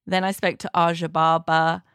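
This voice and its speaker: A woman's voice: low voice, little pitch movement, moderate pace, a bit bright, smooth, dry recording, studio quality. A woman hosting a podcast, recapping past guests in a chatty, rambling way with asides. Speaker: podcast host.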